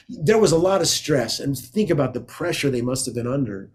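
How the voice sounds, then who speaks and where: A man's voice: mid-range voice, lively intonation, a little fast, husky. A man from the United States, a guest guitarist, chatting casually in an interview as an enthusiastic, rambling storyteller.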